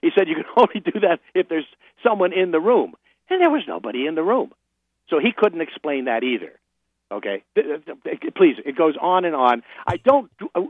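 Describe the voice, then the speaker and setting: A man's voice: fairly high pitch, dry recording. An older man chatting as a radio guest, telling stories with laughs and restarts. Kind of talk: casual anecdotal interview. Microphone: phone. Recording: phone line.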